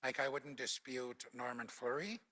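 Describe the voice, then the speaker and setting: A man's voice: mid-range voice, normal speed, sharp tone. An older man from Alberta, a former Cree teacher, explains language points in a panel talk with patient, instructive anecdotes. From Alberta, Canada.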